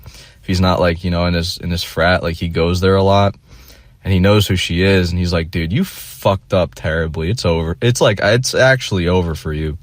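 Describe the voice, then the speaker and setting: Young guy with a really low voice rambling thru a story, swearing a lot, dry close sound. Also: fairly quick, no echo. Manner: rambling, profane, full of fillers and restarts. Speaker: vlogger. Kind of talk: casual storytelling monologue.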